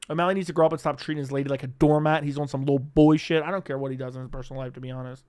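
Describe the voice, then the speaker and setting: A man's voice: mid-range voice, steady tone, very fast, hardly any pauses, darkish tone, smooth, dry recording, clean studio sound. A young adult man hosting a live stream, chatting casually and profanely while reading out viewer comments. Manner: casual, profane, reads chat comments aloud. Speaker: livestream host.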